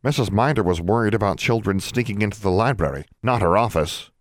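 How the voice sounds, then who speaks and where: A man voicing a timid male house elf who speaks in broken grammar with a creaky, mournful voice, in a storybook reading. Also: fairly low pitch, lively intonation, a little fast, no echo, studio quality, close to an everyday voice. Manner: simple ungrammatical speech, mournful.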